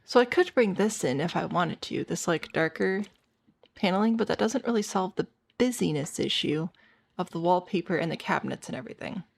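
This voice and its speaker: A woman streamer talks casually through a game session and answers her chat as she goes. Her voice is hoarse and worn out, sitting a little low and carrying a rough, gravelly fry. She sounds like she is thinking aloud. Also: lively intonation, fairly quick. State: hoarse and tired.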